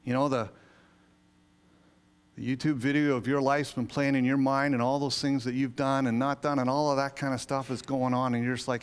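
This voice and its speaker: A man, an associate pastor, preaching a sermon in a conversational yet emphatic way, with sudden swells of excitement. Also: medium pitch, fairly quick, clean tone. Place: church sanctuary.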